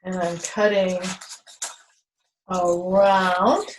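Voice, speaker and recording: A woman presenting a children's museum storytime and craft. She tells the story playfully, dropping to hushed whispers, then gives gentle step-by-step craft instructions to children from a table. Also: on the low side, level tone, very slow, a little hiss or hum. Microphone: camera she moves herself.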